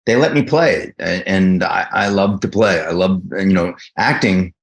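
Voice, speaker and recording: A middle-aged actor from New Jersey, with a New Jersey accent, answers interview questions casually, telling stories enthusiastically with frequent restarts. His voice is deep and gravelly, and he speaks a little slowly.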